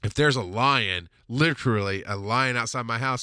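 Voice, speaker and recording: A man of ordinary pitch telling a personal story, open and emotional, with frequent swearing. His delivery jumps between sudden loud bursts and hushed, low passages. The recording is dry, with no room sound. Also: animated, fairly quick, no echo. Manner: emotional, profane, swings from loud outbursts to quiet lows. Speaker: podcast host telling personal stories. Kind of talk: confessional storytelling.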